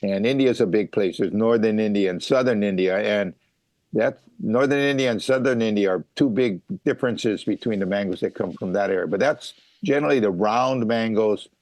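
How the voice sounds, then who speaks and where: Middle-aged male farmer from Hawaii, lowish voice, dry recording, chatty explainer with frequent ums and restarts. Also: a little fast, a little mellow, no room sound. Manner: explanatory, lots of fillers and restarts. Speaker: mango farmer guest. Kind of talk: casual interview talk.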